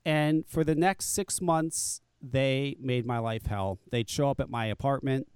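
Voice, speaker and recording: A man's voice: mid-range voice, measured pace, darkish tone, clean tone, no echo. A man telling a personal story in casual talk, blunt and profane, acting out the people he quotes and stumbling into repeated restarts. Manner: frequent restarts and stammered repeats. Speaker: podcast guest telling his story.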